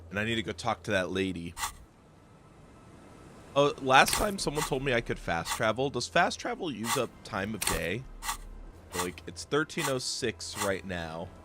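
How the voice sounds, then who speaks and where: Sick, gravelly man streaming a game. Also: lowish voice, big pitch swings, unhurried, noisy background. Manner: self-deprecating, joking asides. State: under the weather, hoarse. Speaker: gaming streamer. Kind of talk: casual let's-play commentary.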